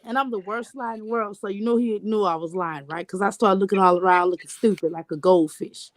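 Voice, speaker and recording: A woman in her thirties chatting on a panel video call, an animated storyteller who acts out quotes and laughs often. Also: mid-range voice, brisk, dry recording.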